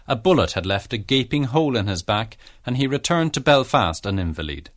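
A man narrating a documentary in a measured, explanatory scripted delivery. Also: medium pitch, sing-song, no echo, clean studio sound.

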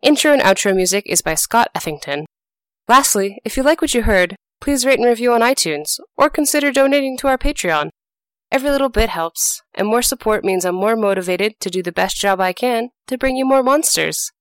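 A woman hosting a podcast, reading folk tales aloud in an animated, expressive storytelling style. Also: a little high, fairly quick, smooth, no echo. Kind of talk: scripted storytelling narration.

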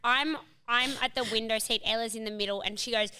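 A woman's voice: fairly high pitch, steady tone, brisk, pushed and bright, clean tone. A young woman in her twenties, wry and dramatic as she retells a story in casual chat.

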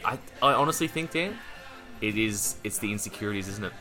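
Lively young Australian man. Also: on the low side, fairly quick, soft background music. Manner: animated, swearing, laughing banter. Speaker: podcast co-host. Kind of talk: casual chat.

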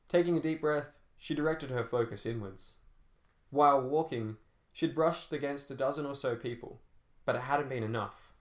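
A man reading a novel aloud in a measured, dramatic storytelling manner. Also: mid-range voice. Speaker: narrator. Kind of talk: scripted audiobook narration. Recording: roomy echo.

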